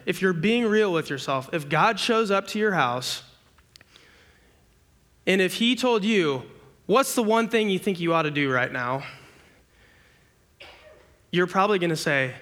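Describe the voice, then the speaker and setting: The sermon comes from a young campus preacher who talks like he's chatting, tossing out brief rhetorical questions to engage the room. When he plays out everyday situations, his bright, forceful, somewhat high voice rises into lively bursts.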